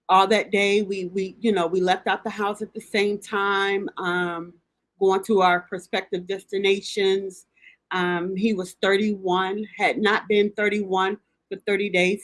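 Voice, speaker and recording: A middle-aged woman, hosting a grief recovery podcast. She speaks in a heartfelt, halting way, with many pauses and restarts, and sounds close to tears at times. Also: medium pitch, no echo. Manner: halting, with frequent ums and restarts; emotional, near tears at times. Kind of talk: heartfelt personal address.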